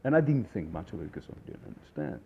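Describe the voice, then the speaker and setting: A man, a chef, telling stories from his career in a rambling, animated way with many fillers. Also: low-pitched, fast, gravelly, lo-fi sound, a little hiss or hum. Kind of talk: casual storytelling.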